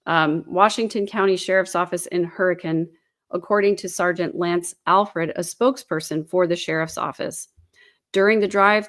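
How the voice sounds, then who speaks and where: Sitting at her computer, a woman with a mid-range voice reads news stories for her online commentary show, chatting through them with plenty of fillers and tossing in her own guesses.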